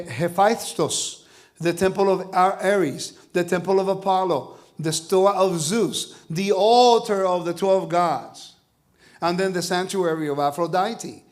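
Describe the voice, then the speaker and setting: A man teaching a congregation, lively and animated, often asking his listeners questions. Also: high voice, unhurried. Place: congregation hall.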